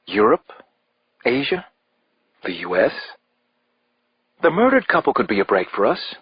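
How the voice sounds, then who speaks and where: A man narrating a crime thriller audiobook with a measured, expressive delivery. His voice is a touch husky, and his pitch moves a lot. The recording is dry and a little dull. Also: no echo. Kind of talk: first-person thriller narration.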